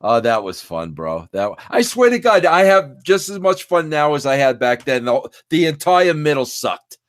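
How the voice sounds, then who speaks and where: Middle-aged male podcast guest, excitable storyteller, slightly high voice. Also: normal speed. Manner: excitable, storytelling, says "bro" often. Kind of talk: casual podcast chat.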